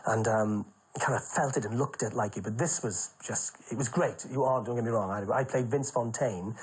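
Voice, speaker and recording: A man's voice: medium pitch, moderate pace, slightly rough, rough recording. A middle-aged Welsh man, a comedian, telling chatty backstage anecdotes in an interview and acting out the people in them. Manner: chatty, animated, acts out the people in his stories.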